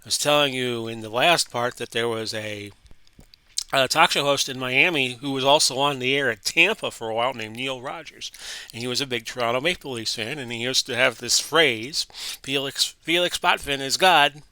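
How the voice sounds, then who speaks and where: Bright-voiced Florida man reading stats. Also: mid-range voice, normal speed, smooth, no echo. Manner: chatty, reading off stats with self-corrections. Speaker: host of sports simulation channel. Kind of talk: casual play-by-play of a simulation game.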